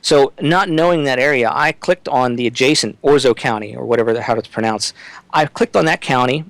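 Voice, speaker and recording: A man's voice: medium pitch, a little fast, fairly bright tone, no echo, poor audio. A man as a guest on a talk-radio interview, speaking emphatically and often restarting his sentences.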